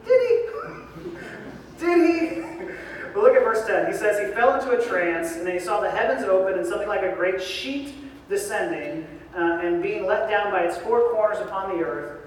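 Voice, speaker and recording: A man preaching a sermon as pastor, lively and joking, recorded from a distance in a large church hall. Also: high voice, a little fast, a little hiss or hum. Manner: lively, joking preacher who acts out voices. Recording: echoey hall from far off.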